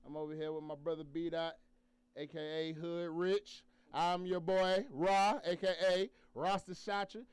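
A man hosting a podcast, opening with loud, hyped, profane banter. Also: fairly high pitch, little pitch movement, unhurried, clear, resonant tone, no room sound. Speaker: podcast host. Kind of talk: casual podcast intro.

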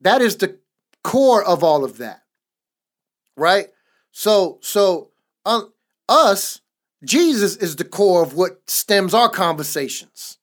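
A man's voice: sits high, very animated, slow, pauses often. A man on a podcast giving a casual, emphatic faith testimony in a repetitive, preaching cadence. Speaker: podcast co-host.

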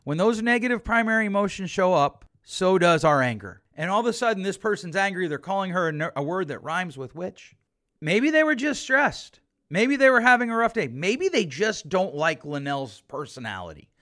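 A man's voice: high voice, big pitch swings, normal speed, fairly bright tone. A man, a therapist, talking through a podcast monologue with emphasis and repeated points.

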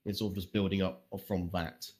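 A man's voice: low-pitched, level tone, brisk, darkish tone. A young man chatting as a podcast guest, rambling and swearing freely, with self-deprecating jokes. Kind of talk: casual interview chat.

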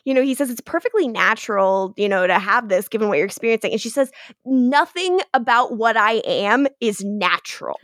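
A woman's voice: a little high, fairly quick, dry recording, clean studio sound. A woman co-hosting a podcast, casually recapping an episode and acting out lines, swearing now and then. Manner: animated retelling with quoted lines and swearing. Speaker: podcast co-host.

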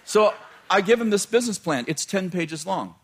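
A man's voice: sits high, expressive, moderate pace, fairly bright tone, husky. A middle-aged man, a pastor, telling a personal story in a sermon, chatty and laughing at his own jokes, often breaking off mid-sentence.

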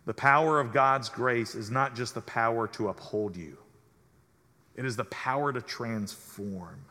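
Bright-voiced male pastor preaching a sermon. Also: medium pitch, big-room sound. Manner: measured preaching cadence, drops soft at phrase ends.

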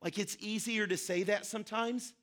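A man's voice: high-pitched, steady tone, normal speed, fairly bright tone. A man preaching a sermon, telling a story earnestly and repeating key phrases for emphasis. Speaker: pastor.

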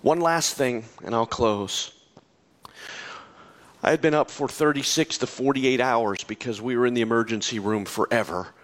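At a moderate pace and with a medium-pitched voice, a middle-aged male pastor delivers a sermon. He starts with quiet storytelling, rises to impassioned, soaring appeals, then settles into soft, hushed reassurance.

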